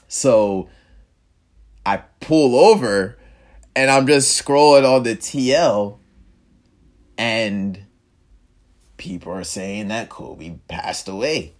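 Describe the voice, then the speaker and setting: A man's voice: medium pitch, animated, slow, pauses often. A young man telling a personal story in casual speech, reflective and sometimes emphatic. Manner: casual and reflective, quiet dips and emphatic rises. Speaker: vlogger.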